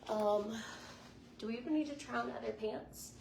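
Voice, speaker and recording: Her voice sits a little high, with a creaky quality and a darkish tone, at normal speed. She's a woman in her forties vlogging casually to camera from a Las Vegas hotel room, bubbly and chatty, dropping lots of likes and ums over noticeable background noise.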